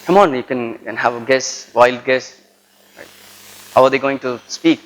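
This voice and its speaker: A man's voice: mid-range voice, normal speed, poor audio. A man from South India with an Indian English accent and a Tamil background gives a classroom lecture to students. He checks in with them constantly, adding "right?" after nearly every point. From Tirunelveli, South India. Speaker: college lecturer.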